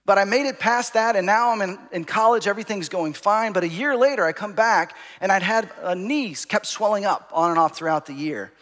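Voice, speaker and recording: A man preaching a sermon, telling a personal story, at times calling out loudly and at times dropping to a hush. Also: sits high, a little fast, few pauses, big-room sound. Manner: storytelling, rising to shouts and dropping to hushed asides. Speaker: pastor.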